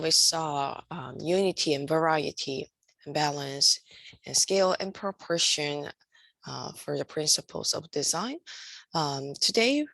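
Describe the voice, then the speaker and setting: A woman's voice: low-pitched, gravelly, a bit bright, no echo. A woman teaching an art class, speaking hesitantly with many fillers between her points. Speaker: art instructor. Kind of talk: lecture.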